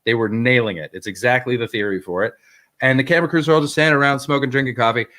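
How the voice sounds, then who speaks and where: Canadian co-host, even middle voice, thoughtful storyteller, steady pace. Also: male voice, medium pitch. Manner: measured, thoughtful, hesitant fillers. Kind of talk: casual chat, storytelling.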